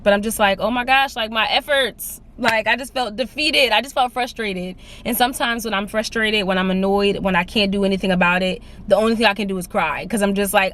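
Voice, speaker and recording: A woman's voice: medium pitch, slight background noise. A young woman in her twenties chatting casually for her vlog, filling her talk with "like" while she drives and later walks. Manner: chatty and animated, says "like" a lot. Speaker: lifestyle vlogger. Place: in her car, then out on a walk.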